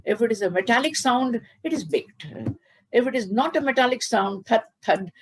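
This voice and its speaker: A woman's voice: fairly high pitch, lively intonation, normal speed, slight background noise, pitched above the performer's own voice, natural voice. A woman voicing a humble village potter who explains his craft hesitantly and deferentially. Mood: explaining.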